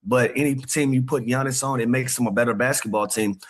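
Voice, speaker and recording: A man with a mid-range voice talking sports on radio. He lays out his points in a measured, thoughtful way. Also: mid-range voice, steady tone. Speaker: radio co-host.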